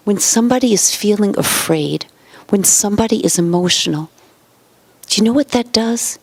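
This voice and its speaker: A woman giving a parenting lecture in numbered points, acting out quoted parents and children and often dropping to a soft whisper. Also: lowish voice, moderate pace, dry recording. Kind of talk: motivational lecture.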